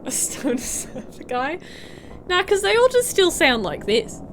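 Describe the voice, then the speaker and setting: Young woman streaming a game, playful, laughs a lot, highish lively voice. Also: measured pace, a little hiss or hum. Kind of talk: casual game let's play.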